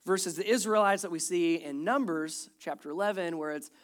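A pastor preaching a sermon, telling scripture stories in a lively way and joking with the listeners. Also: medium pitch, fairly quick. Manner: animated storytelling, acts out quoted complaints; jokes with the congregation.

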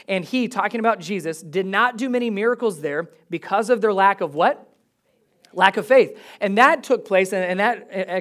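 A man's voice: high-pitched, fairly bright tone. A man preaching a sermon in a conversational way, reading scripture aloud and then explaining it. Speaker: pastor.

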